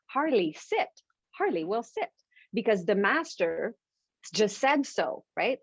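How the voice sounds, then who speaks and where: A woman speaking as a podcast guest, explaining with lively energy and acting out examples. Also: mid-range voice, dry recording, muffled recording. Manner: lively, repeats words, acts out examples. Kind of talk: animated explanatory talk.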